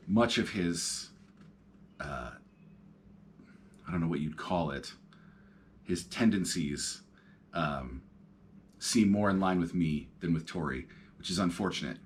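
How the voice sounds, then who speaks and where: A man in his thirties hosts a podcast from his couch at home, talking on his own in a casual, reflective, rambling way full of ums and uhs. His voice is low, with a little hiss or hum in the recording.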